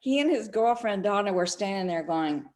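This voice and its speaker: Here a middle-aged woman with a medium-pitched voice recounts stories for an online summit interview, talking at normal speed. As a spiritual speaker, she livens things up by acting out the dialogue she quotes.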